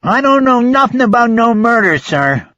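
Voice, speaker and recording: A man voicing a small, wary male ex-convict with a high, nasal, grating voice in an audiobook. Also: sing-song, normal speed, bright, forceful tone, lo-fi sound, heavily acted. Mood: defensive. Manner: defensive, jumpy. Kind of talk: audiobook character voice.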